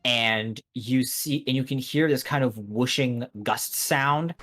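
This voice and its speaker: A man running a tabletop game, painting the scene piece by piece with frequent restarts and fillers. His voice sits in a middle range, with soft music playing behind. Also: medium pitch. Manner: halting, many restarts and fillers while describing. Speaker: game master.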